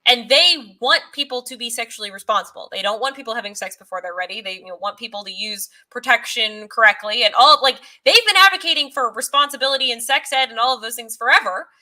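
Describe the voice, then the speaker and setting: A woman's voice: on the high side, expressive, fast, few pauses, sharp tone. A woman interview guest who argues her points fluently, earnestly and persuasively. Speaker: guest, pro-life advocate. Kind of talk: casual conversational interview.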